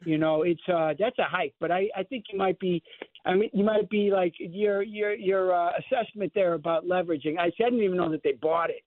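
A man in his fifties, an actor from the Chicago area, telling rambling, halting stories as a guest. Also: high voice, steady tone, no room sound. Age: 50s. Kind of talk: phone-in interview chat. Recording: tinny phone line.

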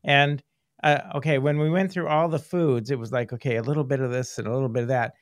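A man's voice: mid-range voice, steady tone, quick pace, no echo. Chuckling man host, dry close sound. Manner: rambling, laughs often, many restarts. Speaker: podcast host, former filmmaker. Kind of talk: casual reminiscing interview.

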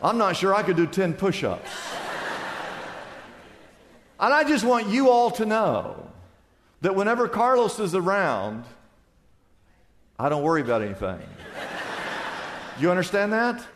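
A man preaches a sermon to his congregation, emphatic and asking them questions as he goes. His voice sits high for a man. The sound carries the long reverb of a large church sanctuary. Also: big pitch swings, unhurried, long pauses, background noise. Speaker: pastor. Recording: live church hall reverb.

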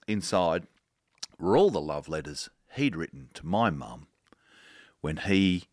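A man's voice: deep voice, lively intonation, no echo. A middle-aged man co-hosting a chat show, telling stories unhurriedly and joking dryly. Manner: dry joking, unhurried storyteller. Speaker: podcast co-host reading from a book. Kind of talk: casual chat and storytelling.

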